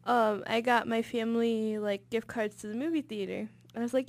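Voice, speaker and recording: A woman's voice: on the high side, a little fast, hardly any pauses. A young woman sharing a funny story in a casual radio chat, upbeat and giggly. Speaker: show regular.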